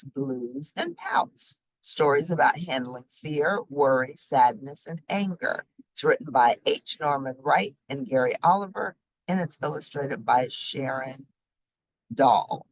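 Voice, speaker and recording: A woman reading a children's picture book aloud in an animated, sing-song way. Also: sits low, takes it slowly, poor audio. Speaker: storybook reader. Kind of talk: children's story read aloud.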